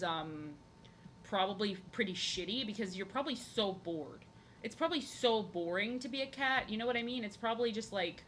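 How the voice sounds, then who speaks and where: A woman's voice: a bit bright, a little hiss or hum. A young woman chatting casually while drawing on a live stream, rambling and talking to her cat. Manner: rambling, chatty, talks to her cat in a high sing-song. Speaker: art streamer.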